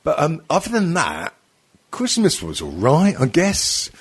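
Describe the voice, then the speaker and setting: A man's voice: on the high side, huge pitch swings, measured pace, breathy edge. A man in his thirties hosting a casual comedy podcast, rambling and crude with frequent laughs. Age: 30s. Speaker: podcast host.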